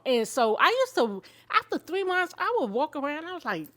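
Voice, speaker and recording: A woman in her fifties telling her own story of illness and faith, candid and emotional, in an expressive conversational way. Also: high voice, normal speed, hardly any pauses. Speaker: show host sharing her own story. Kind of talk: personal testimony in conversation.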